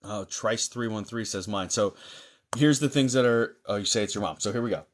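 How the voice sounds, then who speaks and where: A man's voice: fairly low pitch, fairly quick. A man hosting a live-stream mediumship session, greeting viewers by name and reading chat aloud in a chatty manner with many fillers.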